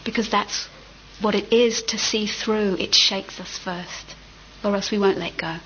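A middle-aged woman giving a dharma talk as a meditation teacher, gentle and reflective with unhurried pauses. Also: mid-range voice, steady tone, a little hiss or hum. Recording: slightly muffled with faint ambience.

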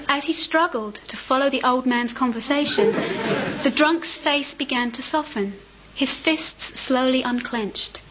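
Female storyteller, higher register, relaxed casual reading, muffled lo-fi recording with light hiss. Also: measured pace. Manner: casual, occasionally laughing and stumbling over words.

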